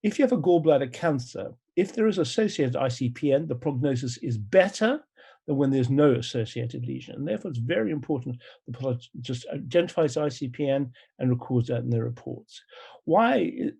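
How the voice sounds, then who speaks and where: Gravelly low-voiced professor lecturing. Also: male voice, animated, mellow. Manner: measured, explanatory, with frequent "uh" pauses. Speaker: pathology professor giving a conference lecture. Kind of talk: academic lecture. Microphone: remote talk recording.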